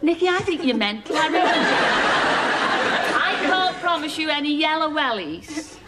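A woman's voice: high-pitched, lively intonation, moderate pace, over a noisy crowd. A woman with a Liverpool accent hosting a studio game show, bubbly and teasing and laughing often. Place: TV studio with live audience. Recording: loud studio audience and noise.

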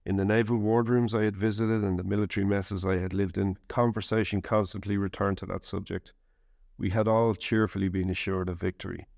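A man reads a first-person war memoir in a measured, steady way. His low voice has a gravelly edge and stays flat in pitch. The sound is close and dry. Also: no room sound. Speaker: narrator.

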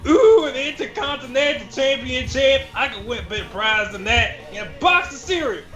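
A man with a cold voicing a brash teenage street-tough duelist in a put-on Brooklyn accent, gruff and cocky. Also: very high voice, big pitch swings, moderate pace, fairly bright tone, pitched above the performer's own voice, exaggerated voice. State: sick with a cold. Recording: roomy echo, game music behind.

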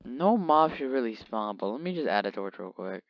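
A man's voice: mid-range voice, very animated, normal speed, dry recording. Guy rambling over his game, jokes at his pet, lo-fi muffled mic, dead dry room. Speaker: gamer. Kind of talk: casual gameplay commentary. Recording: dull lo-fi mic.

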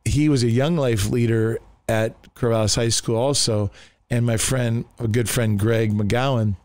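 Middle-aged pastor, male, from the United States. Rambling testimony teller who breaks into quoted voices. Smooth tone, dry close sound. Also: medium pitch, fairly even intonation, a little slow, a little mellow, no room sound. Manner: rambling storyteller with many restarts and fillers; acts out quoted voices in his story. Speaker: pastor telling his testimony. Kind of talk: casual testimony in a podcast conversation.

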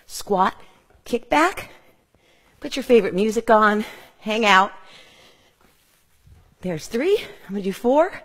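A middle-aged woman teaches a home workout on a clip-on mic, counting reps and calling out cues. She keeps her tone upbeat even while breathing hard from the exercise. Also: mid-range voice, takes it slowly, long pauses, breathy edge. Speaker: fitness instructor. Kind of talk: live workout instruction.

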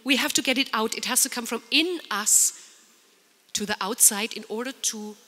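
Woman singer coaching an audience, lively and swooping, in a hall with a long echo. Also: moderate pace. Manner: animated, swoops her voice high and low to demonstrate. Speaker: soprano singer speaking at a symposium. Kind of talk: informal talk guiding an audience in singing. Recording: long reverb of a large hall.

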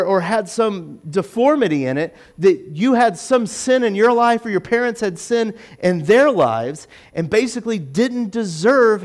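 A pastor giving a casual, conversational sermon in a church, chatty and animated, acting out the voices of the people in his stories. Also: sits high. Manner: chatty and animated, acts out quoted voices, self-deprecating asides.

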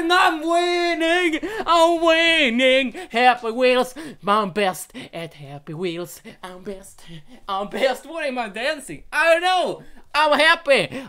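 Loud excitable young gamer shouting. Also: male voice, high-pitched, clean tone. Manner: loud, excitable, yelling and swearing at the game. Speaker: gaming channel host. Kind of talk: let's play commentary.

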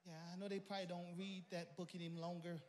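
A male pastor a sermon, telling a story and building to shouted praise. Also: sits high, level tone, quick pace.

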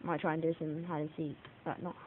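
A woman giving live commentary on her own gameplay, excitable, laughing and mocking herself. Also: deep voice, a little fast. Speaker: gaming video maker. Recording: tinny lo-fi mic with faint hiss.

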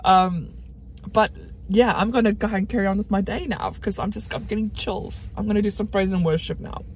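A woman's voice: mid-range voice, brisk, slight background noise. A young woman, chatting earnestly in a casual home vlog, full of fillers and restarts. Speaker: vlogger.

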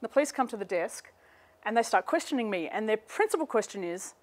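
A woman's voice: fairly high pitch, lively intonation, a little fast. A middle-aged woman giving a university seminar lecture into a microphone to a room of listeners, opening with a humorous personal anecdote. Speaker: guest lecturer.

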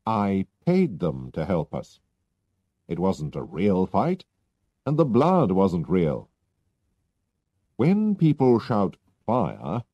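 A man voicing a sharp, confident male detective who explains his plans briskly. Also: fairly low pitch, no echo, full character voice. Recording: dull lo-fi recording.

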